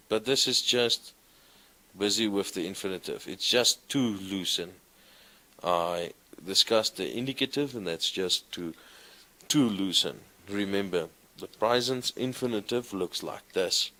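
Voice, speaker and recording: A man's voice: on the low side, a little slow, bright, forceful tone. A man teaching a classroom lesson, speaking in an encouraging way and often asking his students questions. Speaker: Greek teacher. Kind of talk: classroom lecture.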